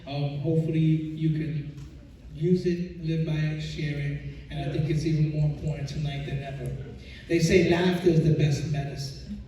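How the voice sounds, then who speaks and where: Comedian on a roomy stage. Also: male voice, fairly high pitch, level tone, moderate pace, slight background noise. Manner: storytelling, playful punchlines. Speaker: stand-up comedian. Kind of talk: stand-up set. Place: auditorium stage. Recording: roomy hall from far off, loud crowd.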